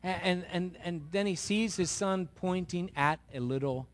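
A man's voice: sits high, moderate pace, a little hiss or hum. A male pastor giving a sermon in a conversational, storytelling way with emphatic asides.

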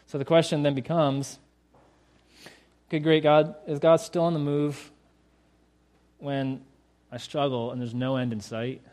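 A man's voice: on the high side, little pitch movement, measured pace, pauses often, darkish tone. A male pastor preaching a sermon in a conversational way, raising rhetorical questions to his listeners.

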